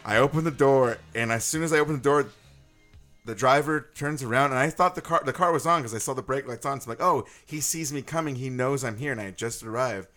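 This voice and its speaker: A young man talking loosely on a podcast, animated and profane as he spins a story. His voice is bright and forceful, and there is faint music behind him. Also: mid-range voice, fast talker. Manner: animated storyteller, swears freely. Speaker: podcast co-host. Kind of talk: casual chat.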